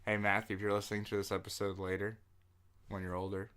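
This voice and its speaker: A young man co-hosting a casual podcast, telling stories in an animated way, swearing and laughing often. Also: on the low side, quick pace, smooth. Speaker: podcast co-host.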